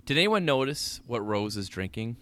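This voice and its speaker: A man's voice: mid-range voice, big pitch swings, moderate pace, fairly bright tone. A man co-hosting a podcast in casual chat, playful and laughing often as he argues odd tangents. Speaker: podcast co-host.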